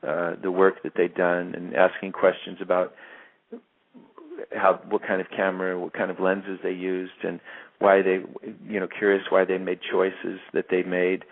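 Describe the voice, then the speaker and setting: Deep gravelly man on a phone line. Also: monotone. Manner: halting, many restarts and repeated words. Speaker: actor being interviewed. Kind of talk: reflective interview storytelling.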